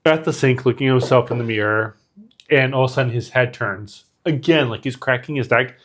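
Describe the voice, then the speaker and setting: A man's voice: mid-range voice, brisk, a bit bright. A man co-hosting a podcast, retelling a film scene in casual chat with lots of fillers and quoted lines. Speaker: podcast co-host. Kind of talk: casual movie recap chat.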